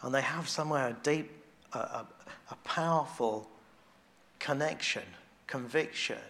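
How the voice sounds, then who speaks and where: A man preaching a sermon in a conversational way, restarting phrases as he thinks aloud and growing quiet and intimate on devotional points. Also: medium pitch, unhurried, vocal fry.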